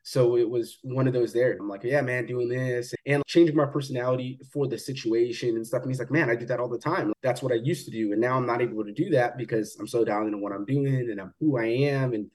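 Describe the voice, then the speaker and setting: Man, casual podcast co-host, rapid-fire and blunt, swears a lot, mid-pitched. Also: a little mellow. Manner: fast, blunt, swears freely, acts out quoted talk. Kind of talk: casual chat.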